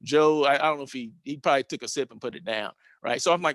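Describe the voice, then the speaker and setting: A man in his fifties hosting a show, telling a personal anecdote in a casual, animated way with frequent tag questions. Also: mid-range voice, quick pace, few pauses, no room sound. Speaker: host.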